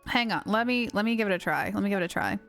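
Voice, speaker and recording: A woman's voice: medium pitch, racing, a bit bright, faint music behind. A young woman streaming a game, chatting casually and self-mockingly with viewers while she plays. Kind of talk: casual live-stream chat while gaming.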